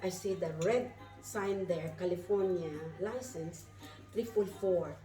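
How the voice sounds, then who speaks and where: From inside a moving car, a woman records a spiritual travel vlog in a mellow, fairly low voice, speaking a little slowly. She's effusive and keeps asking viewers "isn't that wonderful." The low-quality recording is echoey, distant from the mic, with soft music behind her.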